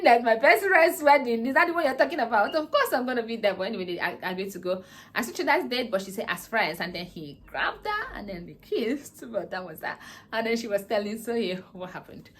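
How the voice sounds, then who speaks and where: A woman's voice: on the low side, slight background noise. Chatty woman recapping a series. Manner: animated, acts out characters' lines, laughs. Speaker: vlogger reviewing a series. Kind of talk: casual chatty plot recap.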